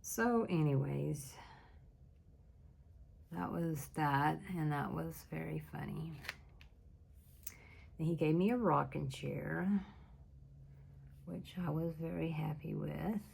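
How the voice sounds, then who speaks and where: A woman's voice: deep voice, takes it slowly, gravelly, pauses often, slight background noise. A middle-aged woman telling a story in a casual chat, laughing often and acting out what people said. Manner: chatty, laughs often, quotes people in lively voices. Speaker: craft channel host.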